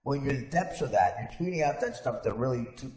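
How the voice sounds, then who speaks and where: A man's voice: medium pitch, lively intonation, quick pace, a little mellow. A man hosting a podcast in casual chat, rambling with frequent restarts. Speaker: podcast host. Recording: echoey room with long reverb.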